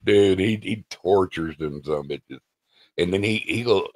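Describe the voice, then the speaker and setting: A man in a casual group chat, excitable and swearing, jumping into loud, animated quotes. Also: low-pitched, normal speed, no echo.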